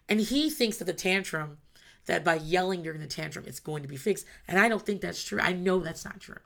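A woman's voice: on the low side, brisk, creaky, fairly bright tone. A mother in her thirties talking candidly about parenting, blunt and emphatic, swearing freely. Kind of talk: casual monologue.

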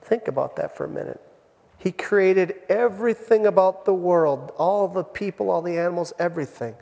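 A man who is a pastor delivers a sermon in a church, telling stories and moving between hushed and raised delivery. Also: sits high, normal speed, vocal fry. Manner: storytelling, dramatic shifts between hushed and raised. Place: church sanctuary. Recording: long church reverb.

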